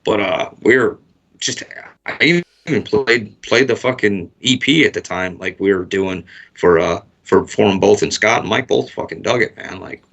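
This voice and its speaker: A man's voice: fairly low pitch, moderate pace, gravelly, fairly bright tone, muffled recording. A man guest in an interview, telling a long casual story full of swearing and rambling asides. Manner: profane, rambling, laid-back storytelling.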